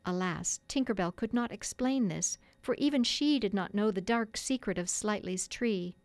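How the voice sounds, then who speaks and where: A woman's voice: medium pitch, no room sound. Woman reading a classic storybook. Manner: measured, expressive reading. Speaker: narrator. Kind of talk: storybook narration.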